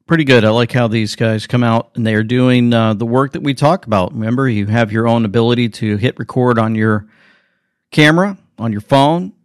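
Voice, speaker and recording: A man's voice: medium pitch, fairly quick, dry recording, clean studio sound. A man hosting a show, talking in an earnest, chatty commentary style with a preachy edge. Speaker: show host. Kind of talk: casual commentary.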